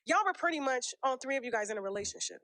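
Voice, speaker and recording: A woman with a high voice fires off questions at high speed. As host of a casual interview she is blunt, profane and pushy, and cuts in to press her guest. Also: animated, rapid-fire, sharp tone.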